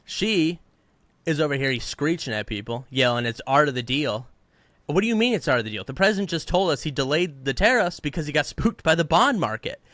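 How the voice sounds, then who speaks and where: A man's voice: a little high, sing-song, a little fast, a bit bright, dry recording. A man co-hosting a podcast, fired up and ranting in heated political commentary, mocking the people he quotes. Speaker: podcast co-host.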